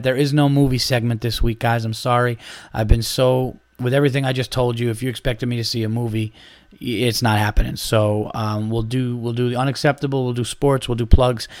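Man, podcast host, casual storytelling, swears, mid-pitched voice, dry close sound. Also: dry recording. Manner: animated storyteller, acts out quotes, swears. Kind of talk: casual chat.

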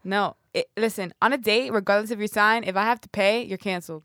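Animated young woman, dry close mic. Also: mid-range voice, smooth, no room sound. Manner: animated storytelling, quick voice switches for quotes. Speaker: podcast co-host. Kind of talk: casual chat among friends.

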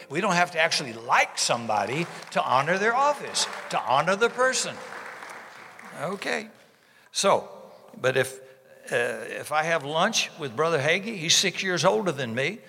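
A pastor delivers a sermon in a bright, forceful voice with a breathy edge, pitched slightly high for a man. His folksy emphasis hammers repeated words, and the long reverb of a church sanctuary surrounds him.

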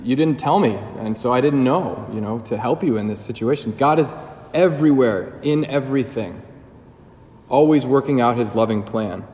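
A man's voice: mid-range voice, normal speed, a little mellow, roomy sound, long reverb tail, a little hiss or hum. A man giving a sermon as a priest, talking casually and conversationally with fillers and joking asides.

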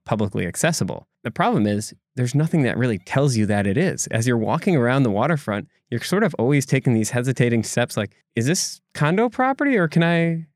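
A man's voice: mid-range voice, lively intonation, fast talker, few pauses, darkish tone, no echo, studio quality. A man co-hosting a podcast, explaining a local story in a loose conversational way with asides and restarts. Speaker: podcast co-host reporting. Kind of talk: casual podcast chat.

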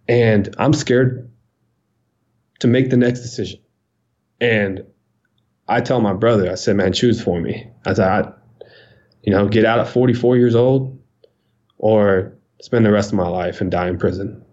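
A man in his forties recounting his own story in an interview, halting and repeating words, often pausing. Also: fairly low pitch, a little mellow, muffled recording. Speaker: interview guest. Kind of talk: emotional personal account.

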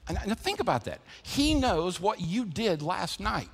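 A man's voice: sits high, big pitch swings, measured pace, gravelly, slightly rough. A man preaching a sermon in a church, drawing in his listeners with rhetorical questions and call-and-response. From American South. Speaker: pastor. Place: church building. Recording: church sanctuary with long reverb.

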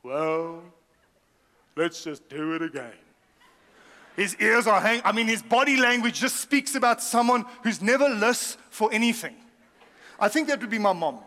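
A man's voice: very high-pitched, normal speed, big-room sound. A middle-aged man preaching a humorous sermon, telling stories with laughs and asides. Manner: lively storytelling with laughs and asides. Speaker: pastor.

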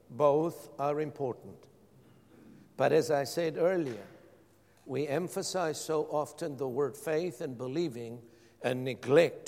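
A man's voice: mid-range voice, a little mellow. A man preaching a sermon as pastor, calling out questions to his congregation. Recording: long hall reverb.

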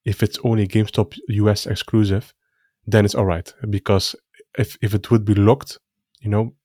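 A man's voice: on the low side, level tone, normal speed, dark tone, no room sound, studio quality. A man co-hosting a casual chat, speaking hesitantly with frequent restarts. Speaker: co-host.

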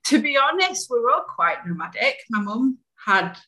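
A woman from Manchester with a Manchester English accent, chatting casually as a guest over a video call, self-deprecating and quick to laugh. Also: on the high side, big pitch swings, pushed and bright, rough recording. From Manchester, England. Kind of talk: casual conversation.

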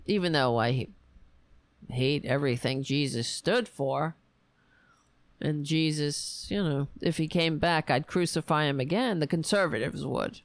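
A woman hosting a ranting political commentary show, sarcastic and exasperated, and her voice is going hoarse. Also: low voice, a little slow, dry recording. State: losing her voice.

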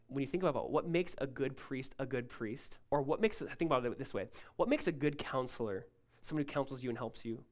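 A male pastor preaching a sermon, emphatic and rising loud, then dropping to a hushed tone, often asking listeners to follow along. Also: mid-range voice. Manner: asks the congregation to follow along.

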